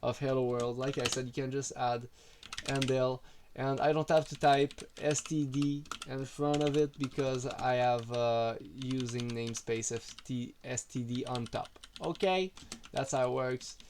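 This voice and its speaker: A man talks through his code in a loose, casual walkthrough. He rambles and fills gaps with ums and likes. He pokes fun at himself at an average male pitch. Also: fairly even intonation, a little slow, noisy background. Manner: rambling, filler-heavy, self-deprecating. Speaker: programming tutorial creator. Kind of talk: casual screen-recorded coding walkthrough.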